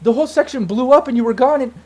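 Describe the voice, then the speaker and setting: A man voicing a distraught woman gang leader who is crying at finding someone alive, in a high strained voice. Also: rapid-fire, dark tone. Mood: overjoyed crying.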